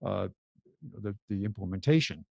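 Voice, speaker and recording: A man co-hosting a radio talk show, chatting in a rambling, animated way. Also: deep voice, moderate pace, creaky, dry recording, studio quality. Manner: rambling, animated, laughs easily. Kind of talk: casual chat.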